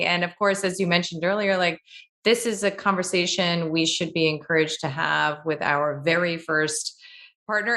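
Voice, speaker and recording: A woman hosts a podcast conversation in a lower register. She speaks reflectively, building her thoughts in measured phrases. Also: fairly bright tone. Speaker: podcast host.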